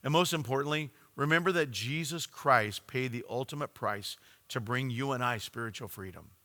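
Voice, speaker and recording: Man, pastor, earnest sermon storytelling, very bright voice, long hall echo. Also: mid-range voice. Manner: earnest storytelling, slows for emphasis.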